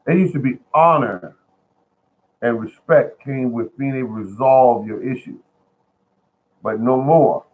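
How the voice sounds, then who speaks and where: A man's voice: mid-range voice, unhurried, pauses often. A man rambling casually to his viewers from home about gardening bargains, repeating himself and calling them folks. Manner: chatty, repetitive, addresses viewers as folks. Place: at home, indoors. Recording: phone-like lo-fi sound.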